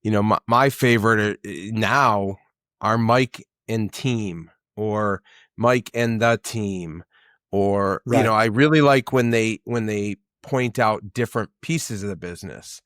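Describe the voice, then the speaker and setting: A man's voice: lowish voice, unhurried, a bit bright, no echo, studio quality. A man who owns a home service business, chatting casually and telling long stories full of fillers and acted-out quotes. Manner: rambling storyteller, many fillers, acts out quotes. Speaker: business owner, podcast guest. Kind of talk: casual conversation.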